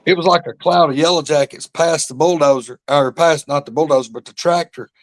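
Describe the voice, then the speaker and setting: In a dry recording, a man with a high-ish voice talks briskly. A podcast host and drawling rural storyteller, he tells a long, rambling story in casual chat, addressing listeners as y'all.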